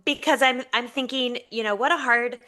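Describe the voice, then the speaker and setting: A woman's voice: a little high, fairly even intonation, moderate pace, bright, forceful tone. A woman co-hosting a podcast who responds in an effusive, rambling way with emphatic exclamations. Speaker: podcast co-host. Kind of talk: casual chat.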